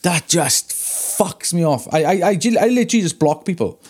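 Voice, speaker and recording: A man, a tattooist and podcast co-host, telling stories in casual chat with lots of swearing and animated ranting. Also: on the high side, normal speed.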